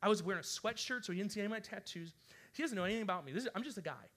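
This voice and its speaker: A man preaching as a pastor, telling a story in an animated, chatty way with lots of fillers. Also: sits high, racing. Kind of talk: storytelling sermon.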